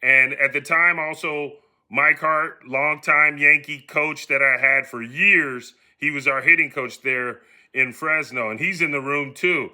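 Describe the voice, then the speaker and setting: A middle-aged man from the United States tells a personal story on his podcast in a casual, unhurried way. His pitch is fairly high, and he animatedly acts out the voices of the people in the tale.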